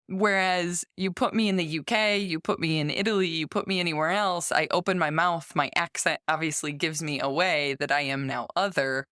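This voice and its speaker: A woman's voice: on the low side, fairly bright tone, no echo, clean studio sound. A woman in her thirties hosting a casual podcast interview, chatty and self-deprecating. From United States. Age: 30s. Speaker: podcast host.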